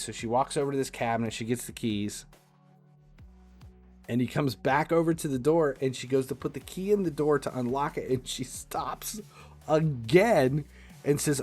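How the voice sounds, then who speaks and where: A man hosting a livestream, telling a casual anecdote in an animated, exasperated way with casual swearing. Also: medium pitch, normal speed, long pauses, faint music behind. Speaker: livestream host. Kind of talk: casual storytelling.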